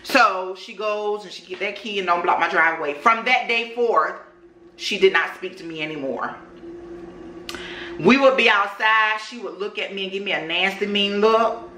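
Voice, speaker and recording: A woman vlogger telling a story to her viewers at home in an animated, chatty way, talking to them directly. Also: mid-range voice, moderate pace, a little hiss or hum. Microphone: camera microphone. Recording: roomy echo.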